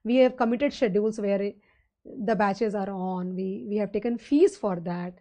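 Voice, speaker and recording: A woman's voice: medium pitch, normal speed, warm tone. A woman with an Indian English accent giving a live online finance lecture, chatty and rambling, with many fillers and questions to her students. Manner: conversational, rambling teaching with fillers and rhetorical questions.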